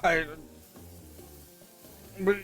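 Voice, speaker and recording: A man's voice: drawn-out words, pushed and bright, soft background music. A man streaming a game with a friend, teasing and joking and reading game text aloud. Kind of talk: casual stream banter.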